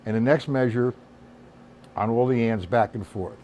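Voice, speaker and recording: Over loud drums from a kit playing in the background, a man with a medium-pitched voice teaches a drum lesson on a live stream. At a normal speed, he explains accents and counts the beats aloud, with heavy background noise in the recording.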